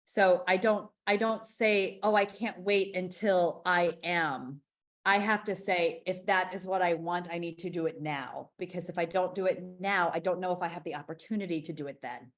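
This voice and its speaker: A woman's voice: on the low side, normal speed. A woman in her forties, an interview guest talking frankly and emphatically, often restarting her sentences. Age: 40s. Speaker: interview guest, business founder. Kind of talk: candid conversational interview.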